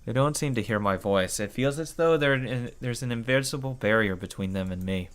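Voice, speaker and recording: In a let's play, a man reads a visual novel aloud at normal speed, his voice mid-range. Between lines he swears and throws in his own comments.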